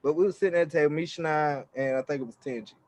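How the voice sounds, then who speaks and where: A man's voice: a little high, very fast. A middle-aged man co-hosting a podcast, telling family stories in casual chat and acting out quotes with lots of laughter. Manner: animated storytelling, acts out quotes loudly, laughs often. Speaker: podcast co-host.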